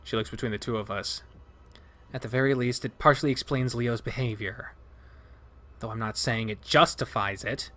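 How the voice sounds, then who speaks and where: A man reading a visual novel aloud as its narrator, expressive and dramatic, breaking off for his own asides. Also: mid-range voice, normal speed.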